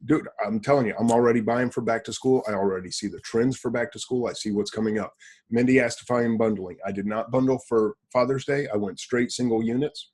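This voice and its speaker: A man's voice: medium pitch, a little fast, a little mellow, breathy edge. A man hosting a casual business podcast, talking bluntly and boastfully and answering his own rhetorical questions. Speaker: podcast host.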